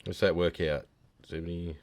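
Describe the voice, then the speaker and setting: A man's voice: sits low, level tone, normal speed, darkish tone. A man co-hosting a casual fluid art video, easygoing and teasing, sounding tired. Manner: easygoing, teasing, laughs often. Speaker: co-host of a fluid art channel. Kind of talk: casual chat while demonstrating.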